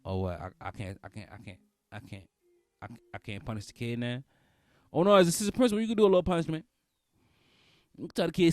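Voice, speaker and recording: Animated man with wide-swinging delivery. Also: a little high, fast talker, dry recording, clean studio sound. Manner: animated, loud outbursts and cussing, repeats phrases. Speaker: podcast host. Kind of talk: comedic casual monologue.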